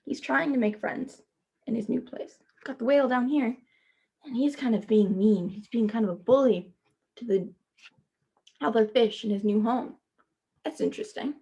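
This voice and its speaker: A woman teacher reading a children's picture book aloud, stopping to gently ask her young listeners questions. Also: fairly high pitch, normal speed, long pauses, slightly rough, lo-fi sound. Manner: speaks to children as "friends".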